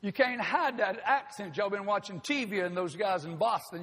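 High, husky preacher in a reverberant hall. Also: male voice, expressive, fairly quick, few pauses, bright, forceful tone. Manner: folksy, joking asides to the congregation. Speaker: pastor. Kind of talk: sermon. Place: church sanctuary.

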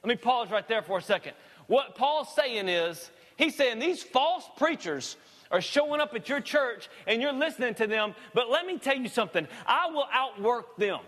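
Man, pastor, high voice, folksy sermon, long hall reverb. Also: lively intonation, normal speed, fairly bright tone. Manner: casual, folksy preaching with asides. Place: church sanctuary.

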